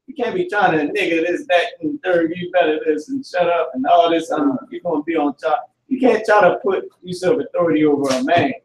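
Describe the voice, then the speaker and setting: A man leading a casual group discussion as teacher, animated and profane, often laughing as he talks. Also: on the high side, brisk, hardly any pauses, roomy sound, distant mic, rough recording.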